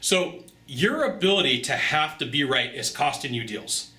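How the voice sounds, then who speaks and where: Bright, energetic man in a roomy space. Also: medium pitch, normal speed. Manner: energetic, chatty, repeats phrases for emphasis. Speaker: sales coach. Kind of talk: casual direct-to-camera sales tips. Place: Sacramento, California. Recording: roomy echo.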